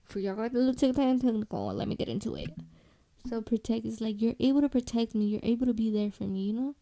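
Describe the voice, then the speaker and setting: A young woman hosting a solo podcast, telling a personal story casually, with slang and Spanish phrases mixed in, often dropping to a soft whisper. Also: on the high side, animated, fast, no room sound. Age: young adult.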